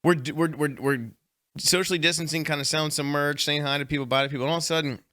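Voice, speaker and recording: Comedy podcast co-host, man, bright animated storyteller, close dry studio mic. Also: fairly high pitch, quick pace, dry recording. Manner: profane, excitable, laughing storyteller. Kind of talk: casual banter, storytelling. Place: small recording studio. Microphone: studio microphone.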